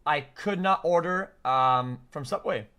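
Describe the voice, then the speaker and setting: A man's voice: fairly high pitch, measured pace, bright, forceful tone, clean tone. A man from Canada reacting to videos in casual, profane commentary, often stammering and restarting his sentences.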